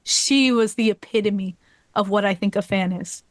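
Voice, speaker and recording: A woman guest on a podcast telling a heartfelt personal story, animated and quick to laugh, getting choked up. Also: mid-range voice, no echo, studio quality.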